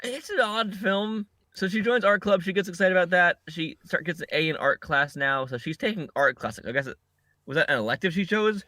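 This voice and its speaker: A man's voice: high voice, expressive, brisk, sharp tone, no echo. A man co-hosting a podcast, recapping a movie in a rambling, joking way and often correcting himself. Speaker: podcast co-host. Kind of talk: casual chat recapping a movie. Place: podcast recording setup.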